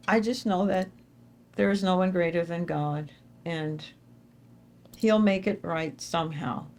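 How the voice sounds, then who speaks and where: A woman giving an inspirational speech at an awards dinner, telling stories with sudden jumps in pitch and repeating phrases for emphasis. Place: dinner event hall.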